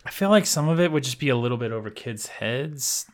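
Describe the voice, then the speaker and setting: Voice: mid-range voice, expressive, a little fast. Laid-back, blunt podcast co-host. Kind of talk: casual chat.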